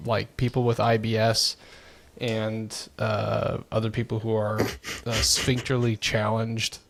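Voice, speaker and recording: A man co-hosting a podcast, talking in loose casual chat with halting restarts and asides. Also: lowish voice, completely flat delivery, creaky, fairly bright tone. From United States. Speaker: podcast co-host.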